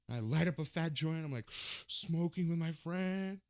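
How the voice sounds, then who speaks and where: A man, a podcast guest, telling a story casually, swearing freely and jumping loud and high when he acts out the scenes. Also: normal speed, few pauses, dry recording. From Southern California. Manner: animated, swings loud when acting out the story.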